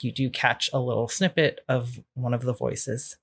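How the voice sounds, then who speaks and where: A man's voice: medium pitch, steady tone, moderate pace, vocal fry, hardly any pauses, fairly bright tone, husky. A man running a tabletop game as game master, describing scenes in a loose, conversational way with frequent fillers.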